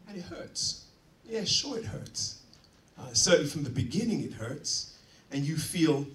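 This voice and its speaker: A man preaching a sermon, dynamic, swinging from quiet asides to loud emphatic points. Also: medium pitch, recorded from a distance. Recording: roomy, from off-mic.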